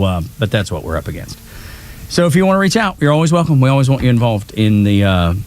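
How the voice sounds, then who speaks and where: A man's voice: lowish voice, a little mellow. A man co-hosting a morning radio show, chatting casually with many fillers and laughs. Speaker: radio co-host.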